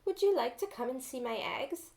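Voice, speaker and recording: A woman's voice: high voice, animated, moderate pace, creaky, darkish tone. Dora, a wistful little hen, as a woman reads her. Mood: hopeful. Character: sad gentle mother hen wanting babies.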